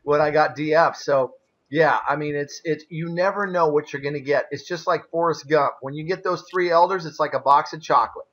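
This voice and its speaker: A man's voice: on the high side, fairly quick, fairly bright tone. A man hosting a casual interview, plainspoken and explaining at length with folksy asides. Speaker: interview host, former elder. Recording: dull lo-fi audio.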